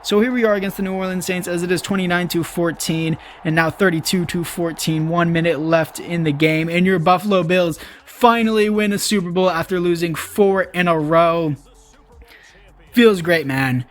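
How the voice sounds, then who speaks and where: A man's voice: a little high, fairly bright tone, a little hiss or hum. A young man giving casual, chatty commentary over a video game as a YouTuber, talking to his viewers. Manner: chatty, upbeat, addresses viewers as boys. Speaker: gaming YouTuber.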